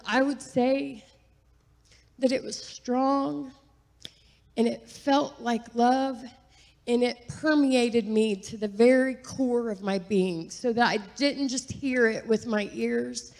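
Lady telling her church testimony, kinda high voice, lots of ums and little laughs, big echoey sanctuary. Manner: earnest, chatty, with fillers and soft laughs. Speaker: guest giving testimony. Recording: long reverb of a large hall.

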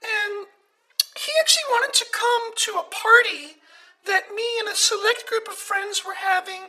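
A woman playing a whiny, easily offended young millennial caller who grows indignant and shouts. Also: very high-pitched, steady tone, moderate pace, low-quality recording. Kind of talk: comedy sketch acting.

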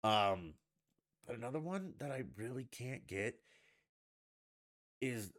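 A man's voice: medium pitch, expressive, slow, a bit bright. A man hosting a casual solo podcast from the United States, ranting bluntly and swearing freely. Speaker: podcast host.

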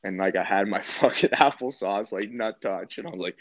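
Young canadian dude telling a story, chill, swears a ton, kinda low voice, dull dry sound. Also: male voice, fairly quick, a bit bright, no room sound. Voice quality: laid-back, heavy swearing, lots of "like". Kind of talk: casual storytelling. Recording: dull, slightly muffled dry recording.

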